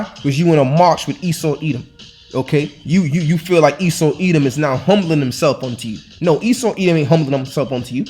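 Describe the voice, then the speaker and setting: A man preaching informally over scripture, hectoring and repeating himself with rhetorical questions and colloquial restarts. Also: a little high. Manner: loose, colloquial delivery with frequent restarts. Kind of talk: informal scripture-reading sermon.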